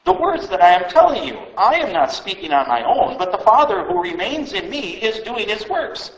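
A man's voice: sits high, big pitch swings, normal speed, voice pushed up. Man reading a solemn, tender teacher. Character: calm male teacher giving last words. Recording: roomy echo.

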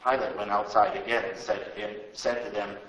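A man giving a dramatic, expressive reading of scripture. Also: on the low side, a little fast, recorded from a distance, muffled recording. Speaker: reader. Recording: roomy sound, away from mic.

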